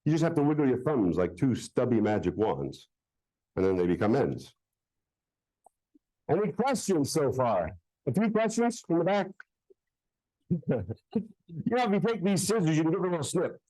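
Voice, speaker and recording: A man's voice: on the high side, very animated, normal speed, pauses often, dark tone, poor audio. A man performing a live magic show for children at a public library, joking playfully with the crowd.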